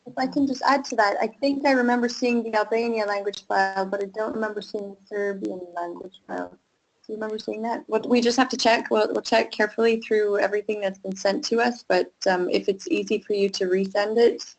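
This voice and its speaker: Woman on a webinar call, casual explainer, reassuring, lots of ums, mid pitch. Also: steady tone, a little fast, a little hiss or hum, rough recording. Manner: reassuring, speaks with frequent ums. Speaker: webinar co-host for the campaign team.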